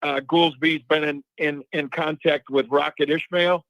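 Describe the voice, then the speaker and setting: A man's voice: fairly high pitch, steady tone, measured pace, creaky, a bit bright, no room sound. A man from Chicago calling in to a show, speaking earnestly and emphatically. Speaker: caller. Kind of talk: call-in opinion. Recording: dull dry phone line.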